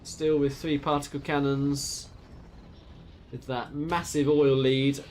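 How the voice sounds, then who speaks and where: A man from near London with an Essex accent, giving lively play-by-play commentary on a strategy game match and reading out viewer chat. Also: medium pitch, slow, a little hiss or hum. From England, near London. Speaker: esports caster.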